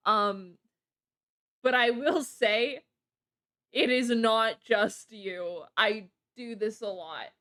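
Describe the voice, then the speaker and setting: A woman's voice: on the high side, extremely slow, fairly bright tone, dry recording, clean studio sound. A woman streaming a card game live, chatting casually and giggling often as she rambles. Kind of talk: casual live gameplay commentary.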